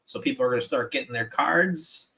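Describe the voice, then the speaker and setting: A man in a casual livestream chat, talking in an animated way that stumbles over restarts. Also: medium pitch, brisk, gravelly. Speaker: guest artist.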